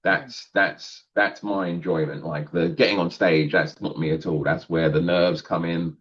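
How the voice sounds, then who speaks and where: A man's voice: low-pitched, steady tone, a little slow, a bit bright, lo-fi sound. A male comedian talking casually in a podcast interview, rambling and self-deprecating, laughing often. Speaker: guest comedian.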